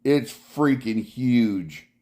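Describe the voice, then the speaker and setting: A man's voice: medium pitch, expressive, very slow, dark tone. A man hosts a laid-back live stream from his couch at home. He greets viewers one by one and drifts from topic to topic in easy, rambling chat. His voice comes through a clip-on mic. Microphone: clip-on mic worn from bike riding.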